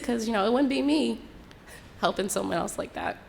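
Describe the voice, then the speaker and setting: A young woman telling a personal story in an unhurried, reflective way, acting out what others said. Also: medium pitch, animated, vocal fry, fairly bright tone. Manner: unhurried, reflective retelling with quoted dialogue.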